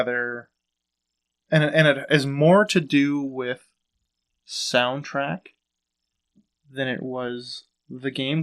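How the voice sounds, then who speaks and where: A man's voice: medium pitch, fairly bright tone. A man co-hosting a casual podcast, rambling and thinking aloud with fillers. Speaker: podcast co-host. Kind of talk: casual chat.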